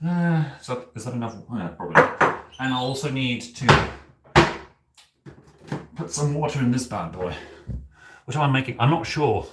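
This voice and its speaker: A man's voice: medium pitch, big pitch swings, moderate pace, long pauses, lightly acted. A man voicing a flamboyant aristocratic male owl demon prince, campy and giggly as he cooks in an apartment kitchen and chats with viewers, calling them darling. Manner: campy, theatrical, giggly, calls chat darling. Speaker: cosplay streamer. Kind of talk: in-character cooking livestream. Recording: echoey kitchen with background noise.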